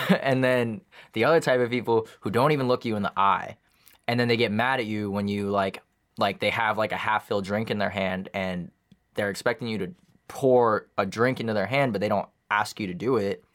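A man's voice: on the low side, moderate pace, fairly bright tone. A young man in his twenties in casual chat, rambling with lots of fillers and some swearing. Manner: rambling, profane, many fillers.

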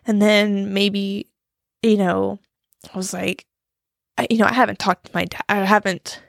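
A young woman talks through a confessional vlog with a fry-edged, gravelly voice. She rambles, laughs nervously and mocks herself, and she is choked up close to tears at times. The sound is dry and close, with no room around it. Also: medium pitch, level tone, a little slow, no echo. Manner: rambling, self-deprecating, with nervous laughs and many fillers. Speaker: vlogger talking about grief. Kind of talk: casual confessional chat.

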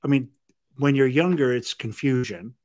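A man hosting a podcast interview, musing aloud in a casual, halting way and often correcting himself. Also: mid-range voice, darkish tone. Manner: musing, halting, many fillers and self-corrections. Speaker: podcast host.

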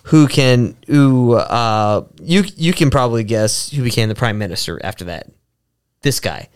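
A man's voice: mid-range voice, animated, unhurried, clean tone. A man hosting a casual podcast, reading from notes and stumbling over foreign names. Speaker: podcast host.

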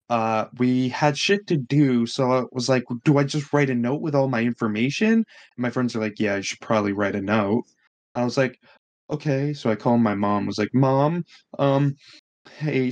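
A young man, telling a story on a casual podcast, swearing often and acting out what others said. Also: mid-range voice. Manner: animated, swears a lot, acts out quotes. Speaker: podcast co-host.

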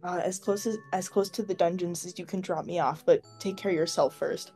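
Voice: medium pitch, steady tone, fairly quick, mellow, faint music behind. A player in a tabletop game, chatting casually and asking about the rules. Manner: casual, asks rules questions.

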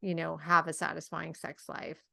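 A woman's voice: deep voice, little pitch movement, moderate pace, gravelly, pushed and bright. A woman hosting a podcast interview, affirming her guest and asking reflective questions. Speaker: podcast host. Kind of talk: interview conversation.

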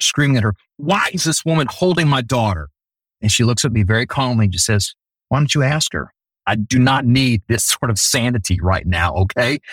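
A man's voice: mid-range voice, dry recording, rough recording. A middle-aged man telling an earnest personal story in a conversation.

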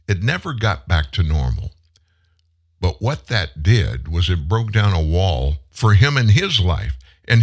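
A man in his seventies with a very low voice that swings widely in pitch. He hosts a show and talks in an earnest, heartfelt way, telling a personal story and pausing for emphasis. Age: 70s. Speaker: show host. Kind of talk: personal monologue on a live commentary show.

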